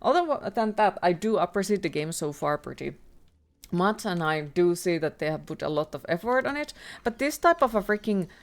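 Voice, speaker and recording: A woman's voice: fairly low pitch, expressive, moderate pace. Profane ranting woman streamer. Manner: ranting, heavily profane, exasperated. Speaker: livestreamer playing a horror game. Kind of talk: live gameplay commentary.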